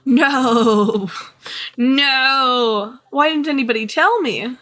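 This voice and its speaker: Woman streamer chatting to chat while she plays, slow and sarcastic, kinda bright voice, little game music under. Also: high voice. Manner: sarcastic, mock-bored asides to chat. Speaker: live streamer. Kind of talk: casual livestream chat while gaming.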